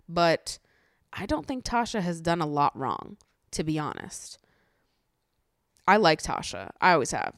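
A woman with a slightly low voice talks straight into a close mic in a casual podcast chat. She is candid and blunt and swears freely. The room sound is dry and dead. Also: no room sound. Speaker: podcast host. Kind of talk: casual chat recapping a reality show.

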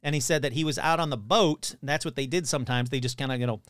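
A man's voice: mid-range voice, fast talker, no echo, studio quality. A man casually retelling a story he heard, acting out the voices of the people in it with loose, swearing talk. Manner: animated retelling, acts out quoted voices.

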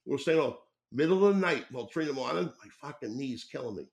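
A man's voice: mid-range voice, animated, fast talker, gravelly. An older man, a former hockey player telling rowdy locker-room stories on a podcast, swearing freely and laughing through them. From Boston area. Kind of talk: casual storytelling.

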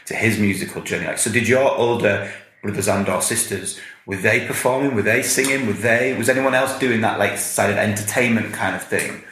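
A man hosting an interview, asking questions in a halting way and often restarting them. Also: on the low side, fairly bright tone, roomy sound, rough recording. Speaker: podcast host. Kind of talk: casual interview chat.

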